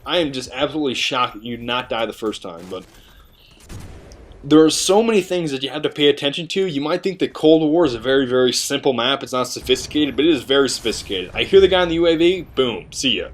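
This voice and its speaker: A man's voice: mid-range voice, lively intonation, quick pace. A young man giving casual, joking gameplay commentary with rambling, chatty asides. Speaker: gaming video commentator.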